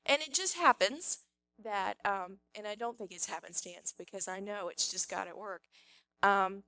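Woman, high voice, dry close sound; rambling, excited church testimony. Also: no echo. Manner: rambling, excited, full of fillers. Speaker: church member giving a testimony. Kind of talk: spontaneous testimony.

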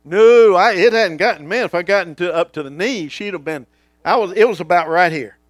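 A male pastor preaches a sermon a little fast, swinging between booming lines and hushed ones and acting out the voices he quotes. There's no echo on the recording.

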